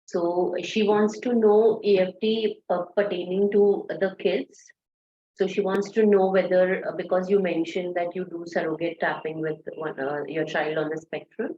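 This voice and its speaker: A woman's voice: lowish voice, steady tone, normal speed, warm tone, reverberant, highs cut off. A woman moderating a webinar, reading out audience questions in a hesitant way with many fillers.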